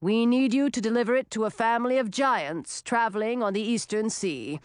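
A woman voicing an old male ice dragon king who speaks slowly and solemnly, lowering her voice for him. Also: smooth, no room sound, studio quality, lightly acted. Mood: commanding. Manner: slow, solemn, low voice. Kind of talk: audiobook character reading.

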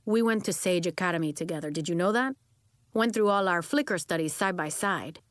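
A woman's voice: lively intonation, no echo, studio quality, close to an everyday voice. A woman voicing a grand, theatrical male school principal in a children's audiobook. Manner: booming, measured and theatrical.

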